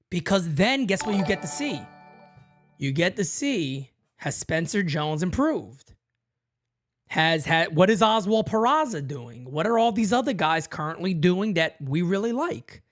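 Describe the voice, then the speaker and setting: A man hosting a casual fan show and answering callers in an animated, slangy way that repeats itself. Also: high-pitched, measured pace, faint music behind. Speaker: host taking fan calls.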